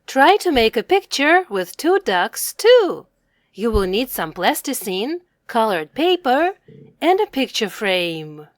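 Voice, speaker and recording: Slow, lively woman teaching reading. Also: high voice. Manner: slow, clearly spoken words repeated for a learner. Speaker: parent reading with a child. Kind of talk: English reading lesson.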